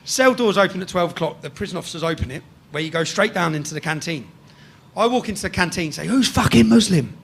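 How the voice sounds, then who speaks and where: An English man telling a rough story in casual chat, swearing freely and tagging sentences with "yeah?". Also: a little high, quick pace, a bit bright. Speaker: guest storyteller.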